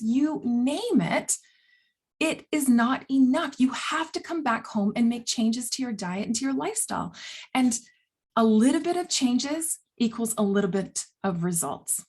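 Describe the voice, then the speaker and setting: A woman speaking as a holistic health coach in a casual, earnest vlog monologue, animated and blunt, often laughing between phrases. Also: high-pitched, breathy edge. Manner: blunt, self-described swearer.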